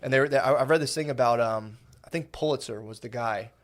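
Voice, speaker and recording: A man's voice: medium pitch, a little fast. A man, co-hosting a podcast in casual, rambling, profane chat. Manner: rambling, profane, quotes people in put-on voices. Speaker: podcast co-host.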